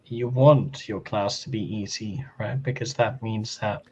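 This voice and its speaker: A man's voice: lowish voice, fairly even intonation, measured pace, noisy background. Non-native English man, brief remarks. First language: not English. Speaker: panelist. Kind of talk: casual chat.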